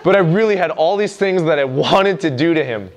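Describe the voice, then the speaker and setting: Lively man preaching to youth. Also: fairly high pitch, brisk, some chatter behind. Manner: animated, acts out quoted lines. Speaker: youth speaker. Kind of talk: youth sermon.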